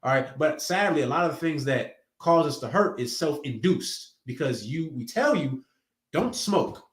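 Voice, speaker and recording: A man's voice: on the high side, lively intonation, moderate pace. A man preaching an informal sermon in a conversational, emphatic way, acting out quoted voices as he teaches. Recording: roomy echo.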